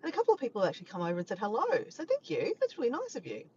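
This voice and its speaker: A woman from Australia with an Australian accent, chatting casually and warmly with live viewers, sometimes breaking into bits of song. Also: fairly high pitch, wildly swooping pitch, racing. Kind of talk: casual live-stream chat. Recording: dull lo-fi sound with faint background noise.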